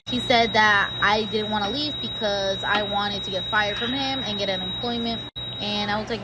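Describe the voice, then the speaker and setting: A woman's voice: mid-range voice, moderate pace. Woman recounting a story in casual story-time fashion, frustrated, rambling, noticeable background noise. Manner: rambling, frustrated, many fillers. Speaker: storyteller in a clip.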